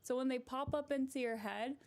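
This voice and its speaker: A woman's voice: high voice, brisk, a little mellow. A young woman hosting a casual livestream, chatty and giggly as she talks to her viewers. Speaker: livestream host.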